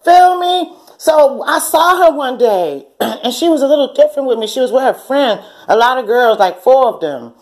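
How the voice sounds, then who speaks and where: A woman in her forties with a fairly high voice tells a long story as host of her own channel. She talks bluntly and curses freely. She breaks into laughter and acts out the lines of the people in her story. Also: expressive, moderate pace. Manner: blunt and profane, laughs often, acts out quotes. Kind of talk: casual storytelling rant.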